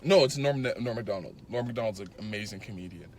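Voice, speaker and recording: A man's voice: on the low side, fast talker, darkish tone, slight background noise. A young man co-hosting a podcast, chatting casually and rambling through a long joke with many restarts. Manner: rambling, restarts a lot, retells a joke with quoted voices. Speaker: podcast co-host. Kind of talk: casual chat.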